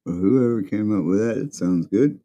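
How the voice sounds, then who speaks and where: A man chatting casually on the side of a livestream in an easygoing, unhurried way. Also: lowish voice, mellow, muffled recording.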